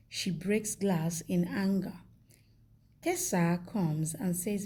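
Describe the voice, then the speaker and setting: A woman narrating a soap opera plot recap in a flat, plain storytelling read. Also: on the low side, slow, slightly rough.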